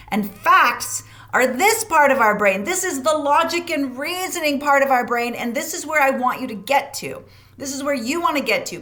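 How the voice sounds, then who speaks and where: A woman with a slightly high voice leads a parenting course session. She talks in an encouraging, expressive way, speeding up in quick bursts and leaning hard on key words. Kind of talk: recorded course session, teaching.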